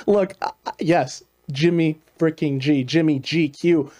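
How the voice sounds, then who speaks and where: A man hosting a casual football analysis show, talking in an animated way with repeated emphatic phrases. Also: on the high side, unhurried. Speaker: sports show host.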